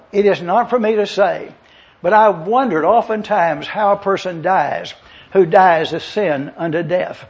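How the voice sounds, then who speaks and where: An older male pastor delivers a teaching sermon, pausing to spell out words letter by letter. His voice sits high and sounds husky. The recording is dull and lo-fi. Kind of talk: expository sermon.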